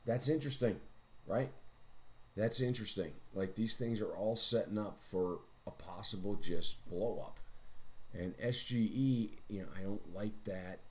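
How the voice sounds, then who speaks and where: A man streaming live trades, talking through his charts in a rambling, chatty way with self-mocking asides. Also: deep voice. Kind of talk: casual live-stream market commentary.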